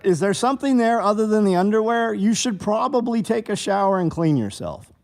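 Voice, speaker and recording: A man's voice: sits high, animated, brisk. A middle-aged man, hosting a livestream and chatting casually through viewer comments in a blunt, profane, rambling way. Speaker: livestream host.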